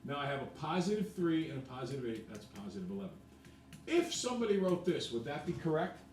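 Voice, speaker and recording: A man's voice: fairly high pitch, big pitch swings, fast talker, a little mellow. A man who teaches math, lecturing his class and then working through problems with his students.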